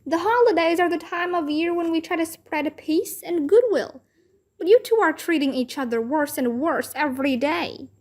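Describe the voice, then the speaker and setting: A woman voicing a strict but patient male schoolteacher who corrects grammar slowly and firmly in a children's book read-aloud. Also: very high voice, animated, darkish tone, pitched above the performer's own voice. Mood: stern. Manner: slow, correcting, measured. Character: strict patient male first-grade teacher.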